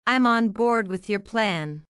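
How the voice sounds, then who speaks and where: Brief: woman teacher, scripted phrase reading, very crisp diction, dry close sound. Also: medium pitch, fairly bright tone, dry recording. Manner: measured, carefully enunciated, repeats each phrase. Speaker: English teacher.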